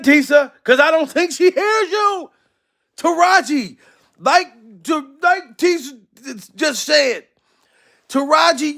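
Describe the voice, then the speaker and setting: Male comedic commentary host, high gravelly voice, loud exasperated profane rants. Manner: loud, profane, exasperated ranting, often shouting.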